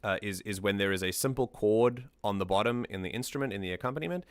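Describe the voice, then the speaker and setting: Low, smooth-voiced man analysing music. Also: fast talker, no room sound. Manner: thoughtful, repeats words while thinking. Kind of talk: casual analytical chat.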